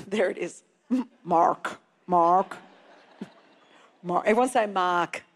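A woman preaching a sermon from a church stage. She presses hard on key words and climbs into shouts. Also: on the low side, slow pace, big-room sound. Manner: emphatic, stretching key words and rising to shouts. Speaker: pastor. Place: church hall.

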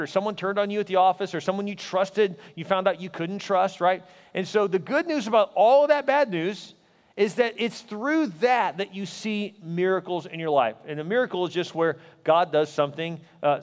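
A man preaching with a high, bright voice that rings through a large hall with long reverb. He tells his story animatedly and puts on voices for the people in it. His sermon moves between plain teaching and lively storytelling. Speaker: pastor.

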